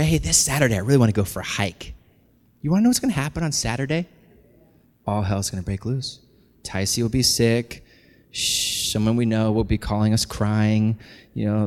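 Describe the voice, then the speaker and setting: A pastor in his thirties preaching a sermon, animated, building to loud, intense passages. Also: medium pitch. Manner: animated, climbs to shouting intensity. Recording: long hall reverb.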